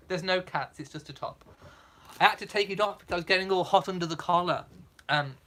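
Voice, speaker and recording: A man's voice: sits high, fairly quick, pushed and bright. A man hosting a casual live chat, reading out viewer comments in a camp, theatrical, self-mocking way.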